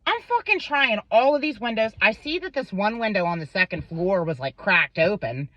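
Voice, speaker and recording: A woman's voice: mid-range voice, expressive, normal speed, a bit bright, dry recording. A young woman vlogger telling a personal story, rambling, swearing often and stumbling over her words. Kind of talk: emotional storytelling to camera. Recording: dull lo-fi sound.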